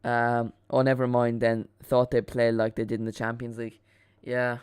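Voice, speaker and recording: A man's voice: medium pitch, completely flat delivery, normal speed, clear, resonant tone. A man hosting a live football watchalong stream, chatting casually and rambling as he reacts to the chat and the match.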